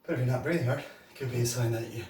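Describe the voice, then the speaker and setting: A man's voice: mid-range voice, racing, reverberant, recorded from a distance, noisy background. A man vlogging his workout, out of breath and chatting between sets. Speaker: fitness vlogger. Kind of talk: casual workout talk to camera.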